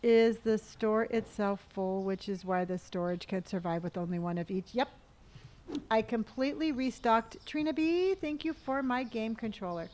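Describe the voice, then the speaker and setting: A woman's voice: fairly high pitch, a little mellow. A woman streaming a game live, chatting casually, thanking viewers for gifts, answering chat questions, and humming or counting money under her breath as she plays.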